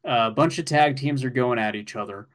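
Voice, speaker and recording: A man co-hosting a casual podcast, recapping an anime episode in an excitable way, swearing and laughing as he goes. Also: mid-range voice, fairly quick.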